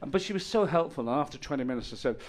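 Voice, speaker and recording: Man, middle-aged, stand-up comedian, deadpan storytelling, mid pitch. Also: rapid-fire. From Ireland. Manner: deadpan storytelling, bursts of loud exasperation. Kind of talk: stand-up set. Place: comedy stage with audience.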